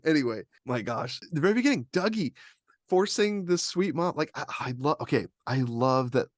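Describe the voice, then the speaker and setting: A man's voice: on the high side, moderate pace, no room sound, studio quality. A young man co-hosting a film podcast, talking casually and rambling with lots of "like". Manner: rambling, heavy use of "like", animated retellings. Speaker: podcast co-host reviewing films. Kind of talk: casual chat.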